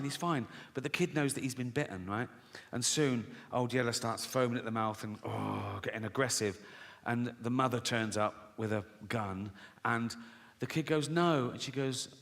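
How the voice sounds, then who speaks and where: An English man telling profane, chatty stories as a stand-up comedian, slipping into quick voices for the people in his tales. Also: medium pitch, a bit bright. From England. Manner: profane, conversational storytelling with sudden acted-out voices. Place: large theatre stage before a live audience. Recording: live theatre recording, roomy reverb, audience noise.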